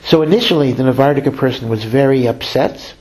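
A man giving a storytelling sermon, lively, slowing to stress key lines and acting out the voices he quotes. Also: medium pitch, low-quality recording. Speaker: rabbi.

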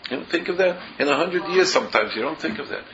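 A man teaches a Torah class in a fast, animated voice on the high side that sounds pushed and bright. He explains verses, often asks rhetorical questions, and mixes Hebrew and Yiddish terms into his English, captured on a dull lo-fi recording with faint noise.

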